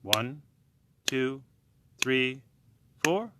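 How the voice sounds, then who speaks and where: Slow, calm male yoga teacher. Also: medium pitch, noisy background. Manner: slow, calm counting and chanting. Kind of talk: guided breathing instruction.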